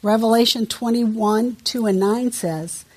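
A woman's voice: fairly high pitch, unhurried. A woman preaching an earnest, emphatic sermon, quoting scripture verses.

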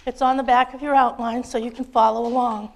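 A woman teaching a Bible lesson to a group. She speaks earnestly and gently, with soft "um"s, and her voice sits a little high. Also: little pitch movement, brisk, creaky. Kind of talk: Bible lesson with a read-aloud children's story.

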